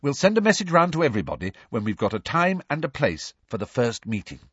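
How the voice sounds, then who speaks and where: Brief: man doing a know-it-all schoolgirl, high and lively, curt and tense; husky edge to the voice. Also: no echo. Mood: insistent. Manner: brisk, insistent, impatient. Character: bossy clever teenage schoolgirl. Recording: dry, slightly dull recording.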